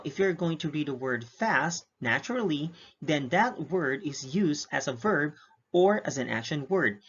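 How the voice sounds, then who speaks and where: Male teacher, husky, lo-fi lesson recording, steady patient explainer. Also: fairly high pitch. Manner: steady explaining, frequent "okay?" checks. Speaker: English teacher. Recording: dull lo-fi recording.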